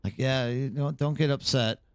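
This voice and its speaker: A tired male streamer chatting casually into his streaming mic, rambling from one thought to the next. His voice sits at an ordinary middle pitch. The sound is dry and close, with no room around it. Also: fairly even intonation, normal speed, clear, resonant tone, dry recording. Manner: rambling, answers chat by name. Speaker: live streamer. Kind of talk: casual live stream chat.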